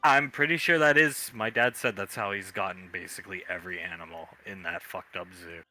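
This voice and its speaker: A man narrating a tabletop role-play as game master, speaking in an animated, playful way. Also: deep voice, a little fast, soft background music, rough recording.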